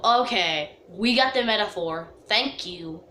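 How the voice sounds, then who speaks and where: A woman's voice: animated, normal speed, few pauses, sharp tone. Young woman rambling through a storytime, lots of "like", bouncy voice, echoey room w faint hiss. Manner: dramatic, reenacts herself wailing in a high voice; chatty, lots of "like". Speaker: vlogger. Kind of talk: storytime vlog.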